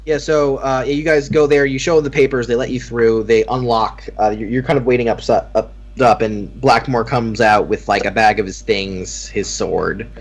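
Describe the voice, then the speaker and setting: Male game master, mid pitch, casual rambling narration. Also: steady tone, normal speed, hardly any pauses, dull audio. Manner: rambling, filler-heavy narration.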